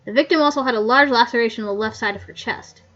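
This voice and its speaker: A woman reading the lines of a grumpy old male coroner, loud and gruff, on a muffled lo-fi mic. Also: on the high side, quick pace, close to an everyday voice. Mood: grumbling.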